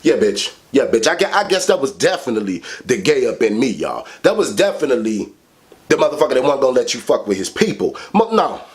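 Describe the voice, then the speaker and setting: A man telling a childhood story to camera in a casual, animated way, swearing heavily. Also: fast. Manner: animated, profane, heavy swearing; big swings in pitch for emphasis. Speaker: vlogger.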